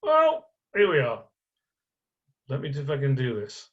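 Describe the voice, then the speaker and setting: A man's voice: medium pitch, huge pitch swings, normal speed. A middle-aged man leading a live screen-share tutorial in a chatty way, with rhetorical questions and frequent restarts. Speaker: online course instructor. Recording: dull lo-fi audio.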